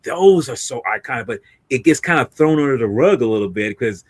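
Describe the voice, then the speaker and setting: A man's voice: medium pitch, lively intonation, a little fast, dry recording. A man hosting a casual livestream, talking in a rambling way with many restarts and fillers. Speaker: livestream host.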